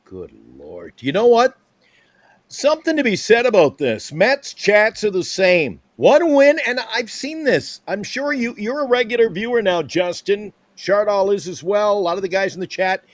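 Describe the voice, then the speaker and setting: A man's voice: high voice, very animated, moderate pace, dry recording. A man hosting a casual sports talk stream, sarcastic and exasperated about his team. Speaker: host.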